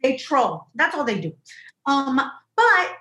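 A woman co-hosting a podcast over a video call, chatting casually in an animated, emphatic way. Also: high-pitched, slow, roomy sound. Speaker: podcast co-host. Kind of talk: casual chat.

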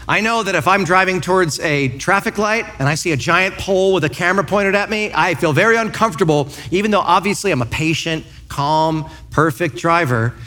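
A man in his thirties, a pastor preaching a sermon in church, telling lively stories and acting out quotes. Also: high voice. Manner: lively storytelling with acted-out quotes.

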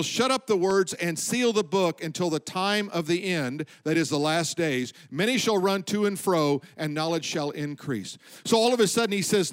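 A man with a high voice preaches a sermon. He speaks with emphasis, slows down on his key points, and lets his voice fall low at the ends of lines. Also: fairly bright tone. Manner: emphatic preaching, slowing for stress and dropping low at line ends. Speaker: pastor.

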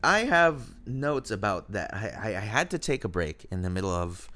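A man's voice: lowish voice, sing-song, moderate pace, pushed and bright. A man talking as a guest on a casual podcast, swearing and mocking as he goes.

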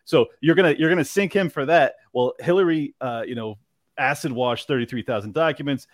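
A man hosting a podcast, talking in loose, animated casual chat, swearing and laughing often. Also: medium pitch, brisk, dry recording, studio quality. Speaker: podcast host.

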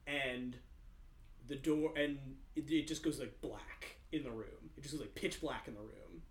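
A man narrating a tabletop game as game master, in an animated, rambling way with lots of fillers. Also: medium pitch, measured pace. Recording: roomy echo.

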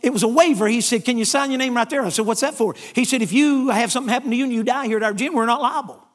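A man with a very high speaking voice preaches with lively energy. He tells a story and acts out every part of the dialogue, then moves into scripture. He sounds middle-aged and comes from the United States. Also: racing. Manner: animated storyteller acting out dialogue. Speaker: evangelist preacher. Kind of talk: storytelling sermon.

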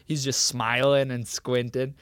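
A man's voice: medium pitch, measured pace, smooth, no room sound, studio quality. A young man co-hosting a casual comedy podcast, cursing freely and acting out quotes as he tells stories. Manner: swearing, animated storyteller, acts out quotes. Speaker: podcast co-host.

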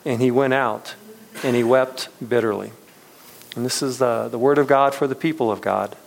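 This low-quality clip has a little hiss or hum and features a thirty-something male pastor with a gravelly, mid-range voice. He speaks at normal speed with fairly even intonation, giving a casual sermon in a relaxed, conversational style marked by many fillers, restarts, and frequent chuckling.

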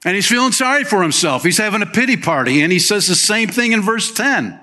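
A male pastor preaching a sermon, reading scripture aloud and commenting with lively emphasis in a folksy way. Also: high voice, fairly quick. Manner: folksy, uses fillers and plain phrases.

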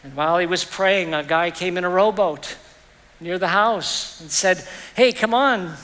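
A middle-aged man preaches as pastor in a church, his high, sharp voice moving at a normal speed. He's earnest and personal, drawing on stories to drive his point home, and the hall's reverberation is audible.

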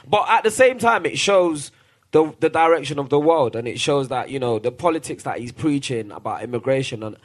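A man's voice: medium pitch, lively intonation, brisk. A man in a casual group discussion, making his points with rising emphasis. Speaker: panel guest.

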